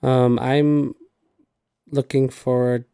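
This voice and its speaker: A laid-back man co-hosts a casual podcast, joking along with his friend. His voice sits at an ordinary middle pitch. The sound is dry, with no room echo. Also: level tone, slow, gravelly, mellow, smooth. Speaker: podcast co-host. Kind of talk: casual chat.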